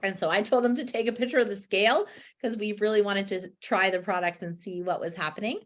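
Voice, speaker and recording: A woman's voice: mid-range voice, fairly even intonation, quick pace. A woman hosting a casual live-stream chat, upbeat and chatty with many fillers. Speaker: host.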